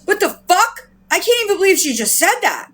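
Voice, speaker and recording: Woman, livestreamer, casual rant, outraged, swearing, high voice, lively pitch. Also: a little fast. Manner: outraged, swearing, repeating herself; greets chat viewers by name.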